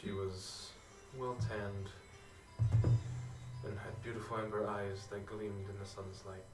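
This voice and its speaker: A man voicing a captured, grieving widower who talks low and wistful while sitting slumped against a cave wall, recorded in a roomy space from a distance. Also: flat delivery, slow pace. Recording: roomy, distant mic, faint music.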